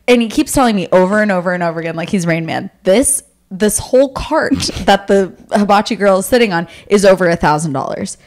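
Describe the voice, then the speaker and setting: A young woman co-hosting a podcast, telling family stories in casual chat, quick and swearing, mimicking her parents. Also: medium pitch, animated. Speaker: podcast co-host.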